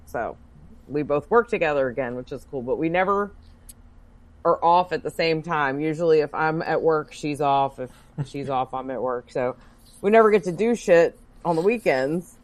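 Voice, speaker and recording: A woman co-hosting a casual chat, telling a story in a loud, animated and profane way. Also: low voice, normal speed, no echo. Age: adult working as a bartender. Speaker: podcast co-host.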